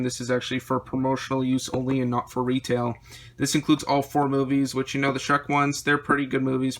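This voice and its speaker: A man vlogging about his movie collection, rambling through titles with quick opinions, his voice a little worn. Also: mid-range voice, fairly bright tone, slight background noise. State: slightly losing his voice. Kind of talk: casual chat showing a collection.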